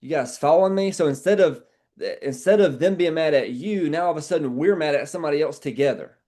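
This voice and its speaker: A man leading an insurance sales team training, talking in a brash, animated way and swearing casually. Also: a little high, fast talker.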